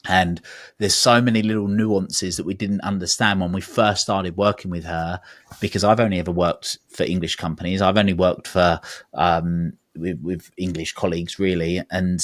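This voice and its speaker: A man's voice: sits low, fairly even intonation, normal speed, no room sound. A man hosting a podcast interview, asking long, thoughtful, winding questions. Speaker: podcast host. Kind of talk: conversational interview.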